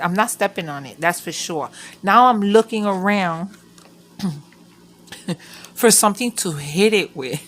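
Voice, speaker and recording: A woman with a lowish voice chats casually at her craft table, rambling through a story and cursing freely. A faint hiss of background noise sits under the recording. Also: a bit bright. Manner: rambling, swearing, laughing storyteller. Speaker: crafting vlogger. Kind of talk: casual chat while crafting.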